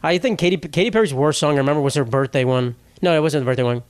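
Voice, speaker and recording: A man's voice: a little high, rapid-fire, no echo. A young man hosting a solo comedy podcast, rambling and swearing as he mocks himself. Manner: profane, rambling, self-mocking. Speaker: podcast host.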